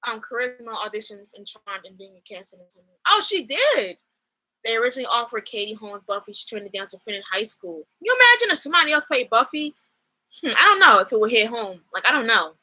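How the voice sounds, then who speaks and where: A young woman chatting casually on a live stream, expressive and slangy, swearing freely and reacting to chat. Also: on the high side, quick pace, low-quality recording.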